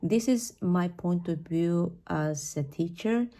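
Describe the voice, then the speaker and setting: Low, mellow-voiced Spanish-accented woman teacher. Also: slow pace. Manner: chatty, frequent fillers and tag questions like "right?" and "okay?". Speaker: English teacher. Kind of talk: podcast pronunciation lesson.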